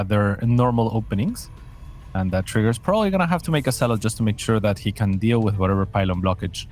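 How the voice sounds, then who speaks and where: A man commentating an esports match, explaining the play in a steady analytical way. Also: fairly low pitch. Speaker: esports caster.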